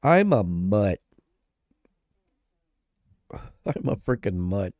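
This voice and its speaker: A man with a mellow, relaxed voice chats on a live stream while he is sick with flu-like symptoms. He rambles, breaks off mid-sentence and laughs a lot. The sound is dry and close, with no room echo. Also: lowish voice, drawn-out words. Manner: rambling, self-interrupting, laughs often. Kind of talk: casual live-stream chat.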